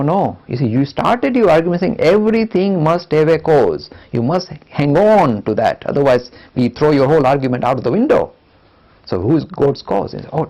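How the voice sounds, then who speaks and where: Animated older man, gravelly lecturing voice. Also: on the high side, muffled recording. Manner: animated, acts out imagined dialogue voices. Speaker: religious studies teacher. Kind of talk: lecture to students.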